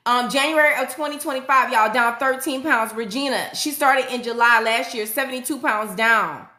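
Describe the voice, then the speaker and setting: A middle-aged woman nurse hosting a casual livestream, excitedly reading viewers' comments aloud and hyping them up. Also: sits high, roomy sound. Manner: excitable, hypes viewers up, frequent "y'all".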